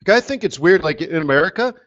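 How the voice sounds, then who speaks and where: A man's voice: fairly high pitch, animated, quick pace, fairly bright tone, dull audio. A man hosting a live trading webinar, talking in a sarcastic, joking, rambling way. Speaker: forex market strategist hosting a live webinar.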